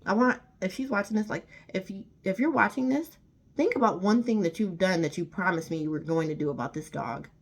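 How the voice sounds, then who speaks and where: A woman's voice: medium pitch, brisk. A woman vlogger telling a storytime rant to camera, emphatic and indignant, often repeating herself.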